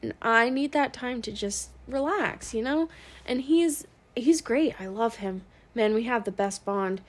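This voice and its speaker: Slow-talking blunt young mom. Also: female voice, on the high side, animated. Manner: blunt, profane, venting. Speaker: working mom podcaster. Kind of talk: casual monologue.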